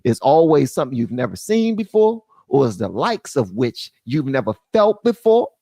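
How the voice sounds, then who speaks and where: Man, streamer commentary, slangy and riffing, lively swinging pitch, dry close sound. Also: normal speed, no echo. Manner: animated, slangy, reads quotes aloud and riffs on them. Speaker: commentary channel host. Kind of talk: live-stream news commentary.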